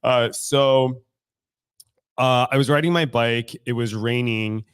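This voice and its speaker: A podcast co-host from the San Francisco Bay Area talks candidly about his faith in a studio, laughing often and swearing freely. His mid-range voice is clear and resonant, with fairly even intonation and a measured pace, recorded cleanly without echo.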